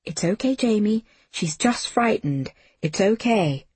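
Woman doing a protective guardian woman, soothing, low and steady, slow, husky, dry close sound. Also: dry recording. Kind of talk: audiobook character voice.

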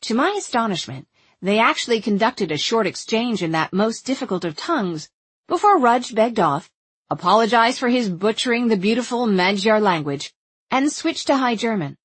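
A woman's voice: a little high, very animated, normal speed, breathy edge, no echo. A woman reading a first-person story aloud in scripted narration, wry and observant in tone. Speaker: audiobook narrator.

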